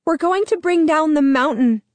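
A woman's voice: high-pitched, normal speed, no room sound, voice pushed up, close to an everyday voice. A woman narrator voicing a young girl calling urgently in an audiobook. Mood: urgent shouting.

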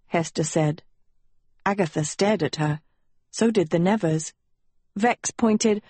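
A woman reads a novel aloud in a slow, deliberate storytelling voice. Her pitch sits in the middle, and she gives each line room. The recording is close and dry. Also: steady tone, darkish tone, slightly rough, no echo. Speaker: audiobook narrator. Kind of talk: scripted audiobook narration.

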